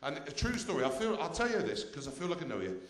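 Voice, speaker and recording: A man's voice: on the high side, very animated, quick pace, echoey room. A male stand-up comedian on a theatre stage, cheekily teasing the audience.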